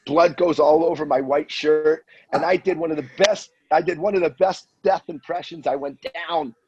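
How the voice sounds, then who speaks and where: A man in his fifties telling a wild anecdote in a casual, animated way, acting out the voices of the people in it. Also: a little high, moderate pace, husky. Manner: animated storyteller, acts out voices. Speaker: guest storyteller. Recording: dull lo-fi audio.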